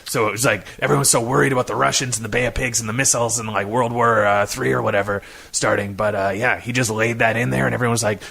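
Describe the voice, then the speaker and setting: A man, rambling deadpan through an improvised comedy podcast as the host in a father role. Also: on the low side, fast talker, gravelly, hardly any pauses.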